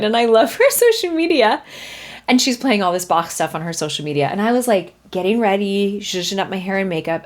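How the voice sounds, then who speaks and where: A bubbly voice teacher in her 30s hosts a podcast singing lesson, recorded on a studio mic. She's chatty and animated, breaking into sung vocal examples and swooping high when demonstrating.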